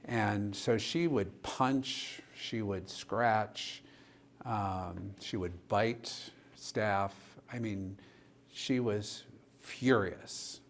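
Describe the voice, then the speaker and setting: A male pastor telling a story in a church discussion, vivid and animated, acting out the dialogue he quotes. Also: lowish voice, drawn-out words, slight background noise.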